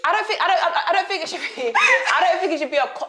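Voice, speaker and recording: A young woman co-hosting a casual podcast chat, animated, laughing often and repeating herself. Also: high voice, very fast, few pauses, noisy background. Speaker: podcast co-host. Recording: echoey room.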